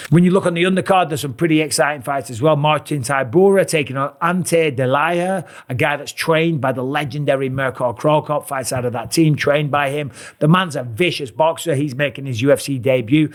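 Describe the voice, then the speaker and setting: Blunt, animated fight-preview man. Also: on the high side. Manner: animated, blunt, with occasional swearing. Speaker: MMA commentator and show host. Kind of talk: casual fight preview talk.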